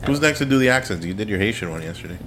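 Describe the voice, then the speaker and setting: A man's voice: lowish voice, animated, rapid-fire, a bit bright, slight background noise. A young man co-hosting a podcast, telling stories and teasing in slangy casual chat. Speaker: podcast co-host.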